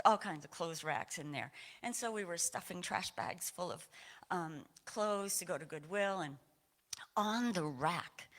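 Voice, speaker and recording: A woman's voice: on the low side, fairly bright tone. A woman from Aroostook County, Maine, sharing a personal testimony at a church service in a meandering, conversational way, audibly emotional.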